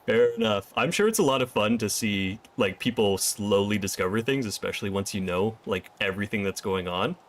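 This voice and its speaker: A man's voice: fairly low pitch, brisk, hardly any pauses. A man streaming a first playthrough of a video game, thinking aloud and chatting with viewers. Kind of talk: casual gameplay commentary.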